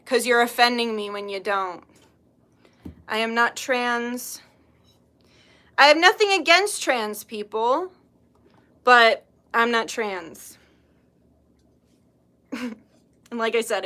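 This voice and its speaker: A woman's voice: a little high, a little slow, long pauses, pushed and bright. A woman hosting a casual livestream, chatting, telling stories with laughs and reading comments, blunt when annoyed. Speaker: spiritual healer and livestream host.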